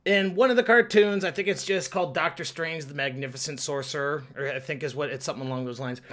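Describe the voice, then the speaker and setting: A young man giving a casual, rambling movie review, excitable and quick to swear. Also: fairly high pitch.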